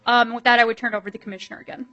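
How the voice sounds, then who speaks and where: A woman, a state legislator presenting a bill at a committee hearing, quick and animated with many fillers. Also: on the high side, highs cut off.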